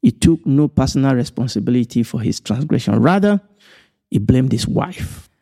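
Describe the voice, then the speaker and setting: A man's voice: mid-range voice, lively intonation, moderate pace, gravelly, warm tone. A man giving a Bible teaching, stressing points through repetition and chuckling now and then. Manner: repetitive, emphatic phrasing with chuckles.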